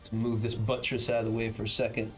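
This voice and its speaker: Running a tabletop game over a video call, a game master narrates in a fast, monotone, lowish voice. He's casual and chatty and keeps correcting himself, with faint music playing behind him.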